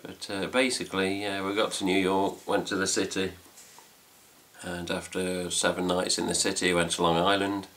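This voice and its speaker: Deep-voiced, chatty middle-aged Englishman. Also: little pitch movement, moderate pace, a bit bright. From England. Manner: rambling, chatty, swears casually. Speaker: fan site host. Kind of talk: casual chat to camera. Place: home room with cats.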